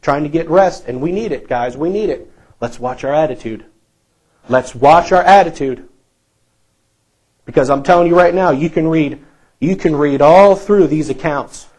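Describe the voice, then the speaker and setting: A man's voice: fairly high pitch, darkish tone, poor audio. A male pastor preaching a sermon in a church, emphatic and repetitive, asking the congregation rhetorical questions.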